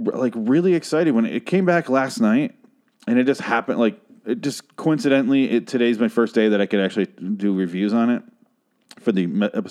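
Man, podcast host, casual review rant, profane, rambling, joking, mid-pitched voice. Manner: profane, rambling, jokey, with animated put-on voices.

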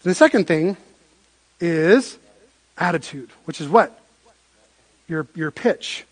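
A man preaching a sermon as pastor, telling stories in an animated way with frequent restarts. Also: fairly high pitch, slow pace, slightly rough.

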